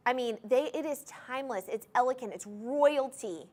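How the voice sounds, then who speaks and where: A woman hosting a shopping channel, gushing enthusiastically as she pitches jewelry straight to viewers in a TV studio. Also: normal speed, hardly any pauses. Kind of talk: live TV jewelry sales pitch.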